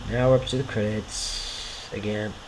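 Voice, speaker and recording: A man's voice: lowish voice, steady tone, unhurried, noisy background. A man giving casual, rambling commentary over his own homemade video series, often apologetic and self-deprecating.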